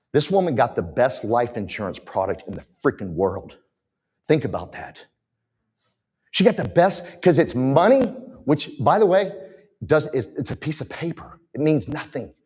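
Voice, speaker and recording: A man's voice: medium pitch, darkish tone, breathy edge. A man giving a motivational talk from a conference stage, emphatic and direct with the audience. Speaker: conference speaker.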